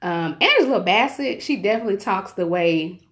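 A woman co-hosting a podcast in casual chat, playful and teasing, and quick to laugh. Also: mid-range voice, lively intonation, a bit bright. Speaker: podcast co-host.

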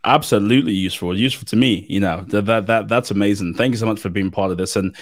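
A man's voice: lowish voice, quick pace. A man hosting a podcast, asking earnest questions and urging listeners to subscribe and share. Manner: earnest, repeats words, urges listeners directly. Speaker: podcast host. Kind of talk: interview questions and podcast outro.

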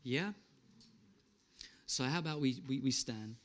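A man preaching a sermon, swinging between loud and hushed. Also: mid-range voice, a little slow, a little hiss or hum. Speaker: pastor.

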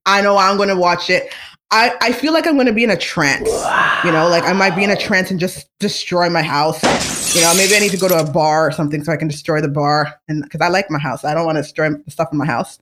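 Excitable fan vlogger, rambling casual chat, mid pitch. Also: quick pace.

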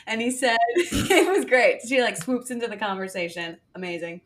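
Animated young woman telling a story. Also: medium pitch, moderate pace, hardly any pauses. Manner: animated storyteller, swears casually, laughs often. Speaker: podcast co-host. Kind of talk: casual chat, storytelling.

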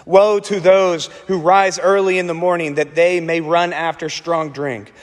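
A man preaching a sermon as pastor, slowing and repeating words for emphasis, with dramatic pauses. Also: fairly high pitch, fairly even intonation, big-room sound.

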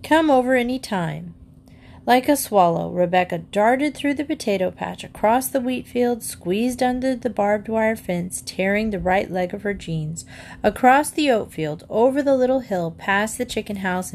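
A woman reading a children's book aloud, in an expressive storytelling manner. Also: mid-range voice, a little hiss or hum. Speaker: narrator.

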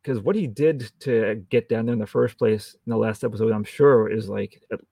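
A man's voice: on the low side, moderate pace, vocal fry, mellow, breathy edge, no echo. A man co-hosting a podcast, chatting casually about a TV episode, chatty and laughing often as he acts out lines from scenes. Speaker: podcast co-host. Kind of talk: casual chat reviewing a TV episode.

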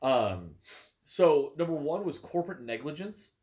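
A young podcast co-host explains things in a rambling, casual chat full of fillers, sounding stuffy from a cold and sneezing. His voice is fairly high, very animated, unhurried and a little mellow.

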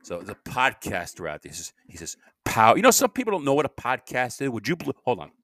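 Rambling tired man with a lively voice. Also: medium pitch, a little fast, no room sound, clean studio sound. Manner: meandering, self-interrupting, swings between loud and mumbling. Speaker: podcast host. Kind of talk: rambling solo monologue.

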